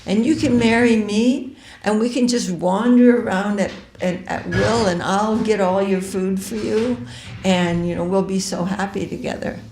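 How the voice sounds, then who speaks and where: A woman putting on the voice of a lovestruck demoness pleading with a prince, loud and gushing. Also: mid-range voice, a little slow, reverberant, slight background noise, natural voice, poor audio.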